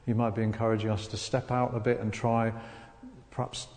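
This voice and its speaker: Guy preaching a sermon, mellow dark voice, long hall reverb, acts out the story bits. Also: fairly low pitch, level tone, a little fast. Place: church hall.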